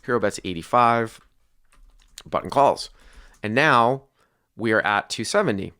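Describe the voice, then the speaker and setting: A man's voice: medium pitch, animated, a little slow, bright, forceful tone, smooth, no echo, studio quality. A male podcast host talking through a poker hand, methodically restating each bet and action. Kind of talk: casual poker discussion.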